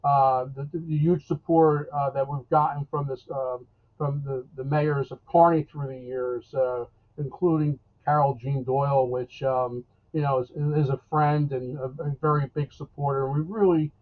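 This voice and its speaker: A man's voice: medium pitch, steady tone, normal speed. A man, a local weather forecaster talking casually in a live interview, rambling and folksy with lots of fillers and restarts. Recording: tinny phone-like line.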